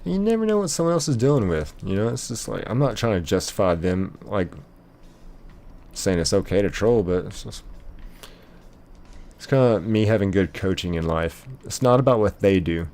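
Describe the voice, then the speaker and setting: A man with a fairly low voice hosts a casual live stream, reading out viewer messages and replying to each one. He rambles a little and leans on "like" as he talks things through. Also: expressive, moderate pace, a little mellow. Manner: reads viewer chat aloud and answers it; rambling, many filler "like"s.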